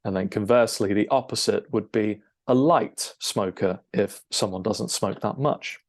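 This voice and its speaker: A man, an English teacher, explaining a lesson over a shared screen, checking in with "okay?" and filling pauses with "um". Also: on the low side. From United Kingdom. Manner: explanatory, frequent "okay?" check-ins and "um" fillers.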